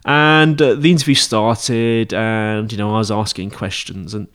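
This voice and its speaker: A man's voice: on the low side, fairly even intonation, measured pace, fairly bright tone, smooth. Male podcast host, casual teaching monologue, rambling and self-correcting. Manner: chatty, rambling, with frequent fillers and self-corrections.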